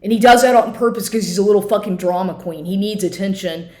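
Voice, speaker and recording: A woman's voice: mid-range voice, quick pace, darkish tone, echoey room. A woman telling a personal story in a casual rant, swearing often and restarting her sentences, recorded at home at her computer. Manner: profane, agitated, restarts often. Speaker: vlogger.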